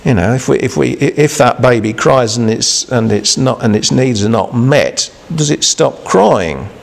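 A man gives a homely, unscripted sermon with a gravelly edge to his voice. He talks in a halting, conversational way, restarting phrases and checking in with rhetorical questions. His pitch sits in the everyday middle range for a man. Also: animated. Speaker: preacher. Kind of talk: informal devotional sermon.

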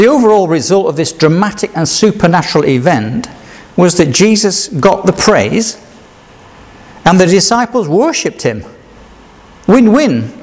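Higher-pitched man preaching conversationally. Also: a little mellow. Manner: conversational, rhetorical questions, acts out quoted lines. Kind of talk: sermon.

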